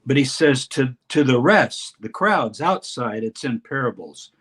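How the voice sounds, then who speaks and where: A man speaking as a guest scholar in an interview, explaining a text with lively emphasis and reading passages aloud. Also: medium pitch, measured pace, few pauses. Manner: animated, reads scripture aloud with dramatic emphasis. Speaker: scholar and course teacher, guest.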